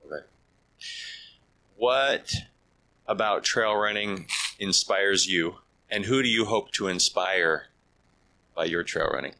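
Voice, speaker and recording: A man's voice: deep voice, slow pace, vocal fry, long pauses, pushed and bright, a little hiss or hum, rough recording. A man hosting a podcast, asking plain direct questions with brief acknowledgements. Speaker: podcast host. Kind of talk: interview questions.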